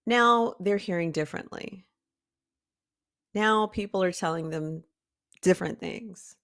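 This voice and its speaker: Slow-talking woman giving a motivational talk. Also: a bit bright. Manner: emphatic and preachy, calls listeners "baby cakes"; slow, drawn-out delivery with sudden high emphatic rises. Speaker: art coach and podcast host.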